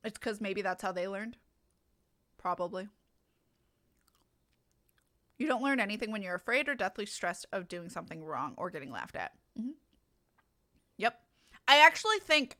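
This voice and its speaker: A woman's voice: mid-range voice, bright, forceful tone. A young adult woman streaming a game, chatting candidly with her viewers, swearing freely and laughing often. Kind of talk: casual chat with stream viewers while gaming.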